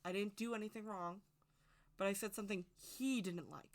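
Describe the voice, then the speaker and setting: A woman's voice: mid-range voice, brisk. A woman giving a casual, rambling opinion monologue to camera as a witchcraft video creator, speaking emphatically and straight to her viewers.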